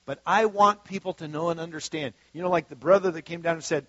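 A man's voice: a little high, fairly quick, hardly any pauses, a bit bright, no echo, muffled recording. A man preaching a sermon as pastor in a conversational way, with frequent asides and restarts.

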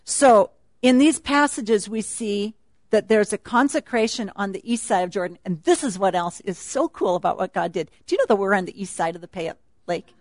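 A woman's voice: mid-range voice, expressive, moderate pace, a little mellow, no room sound. A woman speaking at a retreat, teaching a Bible passage in a chatty, laughing sermon style.

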